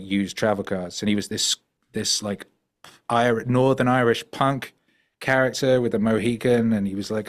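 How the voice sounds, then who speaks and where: Rambling middle-aged male podcast guest. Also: lowish voice. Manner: animated, rambling, many fillers and restarts. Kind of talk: storytelling conversation.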